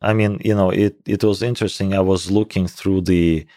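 Russian-accented man, forties, deep voice, dry close sound, halting interview talk. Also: fairly even intonation, mellow, no room sound. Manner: hesitant, many fillers and restarts. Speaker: guest scientist. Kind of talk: casual interview conversation.

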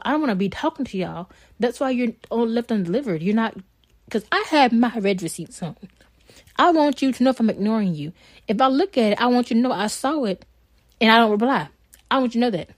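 A woman's voice: on the high side, a little mellow, no room sound. A young woman, bluntly and heatedly telling a story on a casual podcast, swearing freely. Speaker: podcast co-host.

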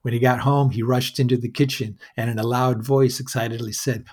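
Male storyteller, husky, measured wry narration, mid-range voice. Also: medium pitch, little pitch movement, darkish tone.

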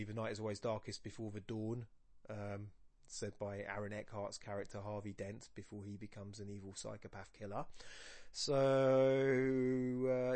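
A man's voice: lowish voice, a little mellow, dry recording. Musing male poetry podcast host. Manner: musing and self-interrupting, reads quoted verse slowly. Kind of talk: thinking-aloud poetry analysis.

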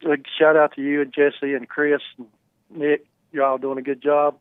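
A man's voice: a little high, flat delivery, moderate pace, smooth, no room sound. A man calling in to a talk show, speaking plainly and folksy in a casual phone chat. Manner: folksy, plain-spoken grammar. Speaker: caller. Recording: tinny phone line.

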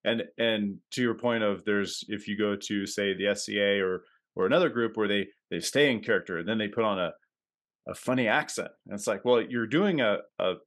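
A man co-hosts a podcast in a relaxed chat, his voice sitting a little low. He pauses and restarts often as he works through his thoughts out loud. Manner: halting, thinks aloud with many "uh"s. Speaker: podcast co-host, novelist. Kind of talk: casual interview chat.

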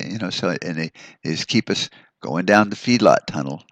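A man's voice: low-pitched, expressive, normal speed, fairly bright tone, no echo. A man hosting a solo podcast, delivering a profane, rambling rant full of restarts. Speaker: podcast host. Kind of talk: ranting solo podcast monologue.

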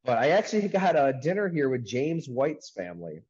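A man hosting a casual sports podcast over a video call from a sports bar, talking in an upbeat, chatty way with quick asides. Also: mid-range voice, sing-song, a little mellow, slightly rough, highs cut off. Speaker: podcast host.

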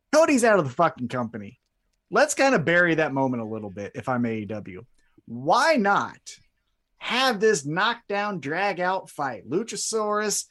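A man co-hosting a casual wrestling podcast, joking and acting out quotes as he recaps. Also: fairly high pitch. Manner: joking, animated, acts out quotes. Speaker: podcast co-host.

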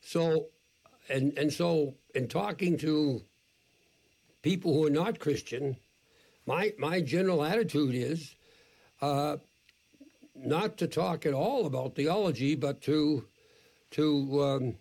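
An elderly man in his eighties with a thick Boston accent talks with a gravelly, slightly high voice. He is a priest chatting on a podcast, wry and plainspoken, teasing as he goes. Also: takes it slowly, long pauses, a little mellow. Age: 80s. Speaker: priest guest. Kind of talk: casual conversation.

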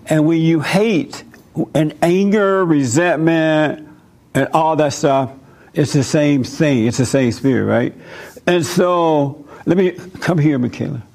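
Animated older man preaching. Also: a little high, takes it slowly. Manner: animated storytelling, acting out voices. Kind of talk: sermon with role-play demonstration.

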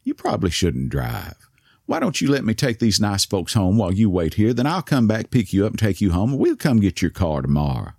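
A man voicing a kindly, concerned lodge brother with an East Texas accent, gentle and persuasive. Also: on the low side, big pitch swings, brisk, vocal fry, no room sound, studio quality, full character voice.

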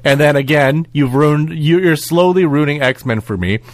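A man co-hosting a casual cartoon review podcast, animated and giggly, acting out lines as he recaps. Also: on the high side, normal speed, no echo. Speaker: podcast co-host.

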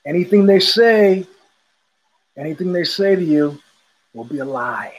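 A man voicing a paranoid stranger on the street who gives low, hushed warnings in a conspiratorial way. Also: expressive, unhurried.

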